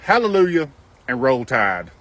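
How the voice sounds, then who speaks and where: A man delivering a satirical monologue in a sardonic, deadpan way. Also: mid-range voice, moderate pace. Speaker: commentator in a played clip.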